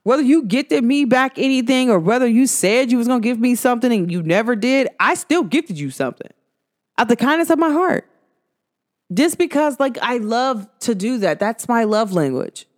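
Chatty young woman, animated podcast talk. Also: a little high, moderate pace. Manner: animated, chatty, laughs often, acts out quoted dialogue. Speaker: podcast host. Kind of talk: casual solo podcast talk.

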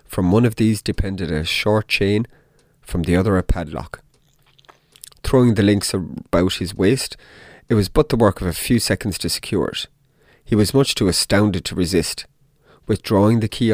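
A man narrating a dark tale in the first person, in a measured, deliberate audiobook reading. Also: low voice, no room sound, clean studio sound.

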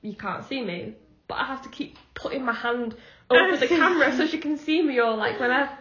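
A woman's voice: high-pitched, lively intonation, brisk, a bit bright. A young woman co-hosting a podcast, chatting casually and acting out the dialogue in the stories she tells, with frequent laughter. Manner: chatty storyteller, acts out the dialogue in her anecdotes, laughs often. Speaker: podcast co-host. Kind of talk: casual chat. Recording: echoey room, dull lo-fi sound.

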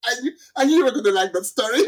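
A woman from the Caribbean hosting a podcast, telling a story in a lively, casual way and acting out the people in it. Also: fairly high pitch, very fast, a little hiss or hum. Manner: animated storyteller, acts out quoted voices. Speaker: podcast host.

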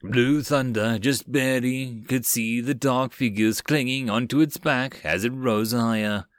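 A man reading a web novel audiobook in a steady storytelling manner. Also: medium pitch, measured pace, no echo, studio quality. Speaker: audiobook narrator. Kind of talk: scripted narration.

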